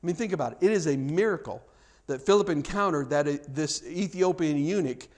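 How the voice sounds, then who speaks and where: A man's voice: fairly high pitch, animated, brisk, a little mellow. A man preaching a sermon, telling a story with acted-out dialogue and frequent stammered repeats.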